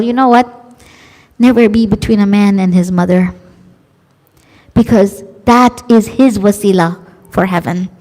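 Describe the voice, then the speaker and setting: Woman preacher, emotive sermon, high voice, long hall reverb. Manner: expressive, acts out quoted voices. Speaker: female preacher. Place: large community centre hall.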